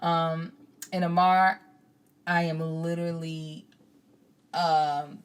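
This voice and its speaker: A woman's voice: low voice, slow, smooth. A woman hosting a podcast, chatting casually about her kids and acting out how she scolds them. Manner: animated storytelling, acts out her own scolding. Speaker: podcast host. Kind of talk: casual chat.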